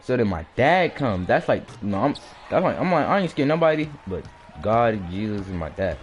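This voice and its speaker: Animated man telling a story. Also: fairly low pitch, moderate pace, lo-fi sound, a little hiss or hum. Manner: animated, repeats and restarts, acts out hits with sound words. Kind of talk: casual personal storytelling.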